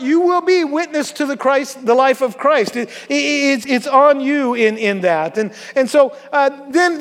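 A man's voice: very high voice, in a large hall. A man preaching a sermon to his congregation in a church, chatty and joking, with lots of fillers. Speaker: pastor. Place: church sanctuary.

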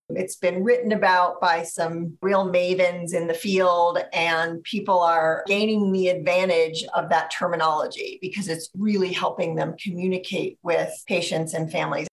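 Reflective woman author in interview. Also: fairly low pitch. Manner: measured, thoughtful, speaks slowly at times.

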